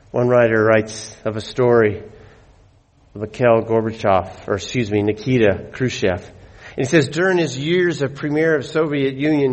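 Slow, earnest male preacher. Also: medium pitch. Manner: animated storyteller, slows for emphasis. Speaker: pastor. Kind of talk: sermon.

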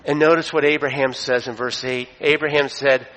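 A man preaches a sermon at a middle pitch, his voice rising and pressing on key phrases before settling back down. The sound carries a long reverb, as if recorded in a large sanctuary. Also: fairly quick, few pauses. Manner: expressive preaching, swells to emphasis. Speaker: pastor.

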